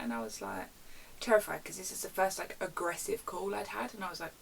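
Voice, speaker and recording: A young woman chats through a vlog storytime rant, acting out quotes with a chatty, animated delivery. She speaks at a middling pitch and sounds a little distant from the mic. A faint hiss sits under her voice in a home bedroom. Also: quick pace, vocal fry. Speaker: vlogger.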